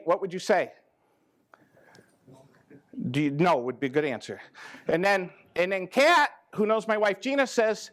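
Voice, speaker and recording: A man's voice: normal speed, long pauses, a bit bright. A man giving a joking, folksy talk to farmers at a conference, teasing people in the audience and acting out quoted farmers. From American Midwest. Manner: folksy, teasing, acts out quoted farmers with big pitch jumps. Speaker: ag risk management advisor giving a talk. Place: conference learning center room with a live audience.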